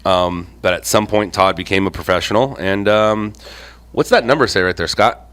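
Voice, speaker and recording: A man's voice: deep voice, moderate pace, a bit bright, smooth. A man co-hosting a podcast, chipping in with short teasing remarks. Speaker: podcast co-host. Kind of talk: casual chat.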